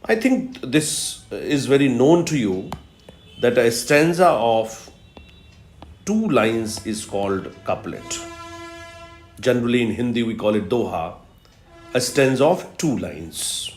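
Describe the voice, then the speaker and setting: Slow, emphatic lecturer. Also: male voice, medium pitch, sing-song, soft background music. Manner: slow, emphatic teaching with repetitions and fillers. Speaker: English literature lecturer. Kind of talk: recorded video lecture. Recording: echoey room.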